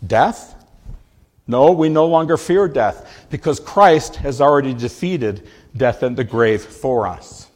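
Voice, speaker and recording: A man preaching a sermon, leaning hard on key words and stretching them out slowly for emphasis. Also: medium pitch. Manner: slow, emphatic delivery, drawing out key words.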